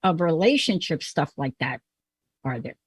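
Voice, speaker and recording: A woman's voice: sits low, sing-song, moderate pace, slightly rough, no echo. A woman host from the Bronx with a New York accent, talking emphatically and telling personal stories in a conversational show. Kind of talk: conversational podcast talk.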